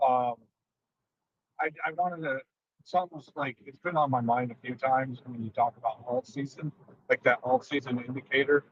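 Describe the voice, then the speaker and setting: A man calling into a stream, talking in a hesitant monotone with many fillers. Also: mid-range voice, moderate pace, breathy edge, muffled recording. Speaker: caller. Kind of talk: casual call-in chat.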